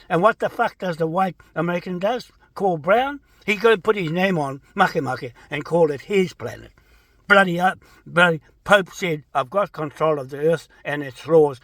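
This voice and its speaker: A middle-aged man giving a rambling public statement, ranting and swearing, repeating himself, with sudden loud outbursts and slow drawn-out phrases. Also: fairly high pitch, no room sound. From New Zealand.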